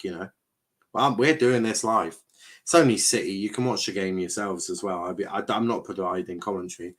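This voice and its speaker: A man's voice: low-pitched, brisk. A young man hosting a live football watchalong, chatting casually with viewers, rambling, stumbling over words and swearing now and then. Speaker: watchalong streamer host. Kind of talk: casual live-stream chat reading viewer comments.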